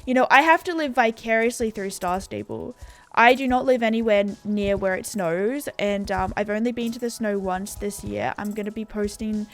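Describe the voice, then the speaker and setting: A woman's voice: medium pitch, moderate pace. A woman with an Australian accent, chatting casually as a gaming YouTuber, rambling and filling her talk with "like" and "you know". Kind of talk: casual chat.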